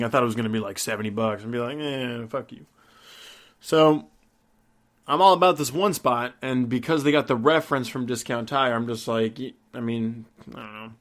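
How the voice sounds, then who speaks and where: A young man telling a profane, exasperated story to the camera and acting out both sides of the exchange. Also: mid-range voice. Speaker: vlogger. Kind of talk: casual ranting storytime.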